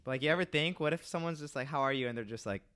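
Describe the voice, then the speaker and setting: Bright-voiced young male podcast host. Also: fairly high pitch, rapid-fire, clean tone. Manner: rambling, filler-heavy, acts out voices. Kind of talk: casual chat.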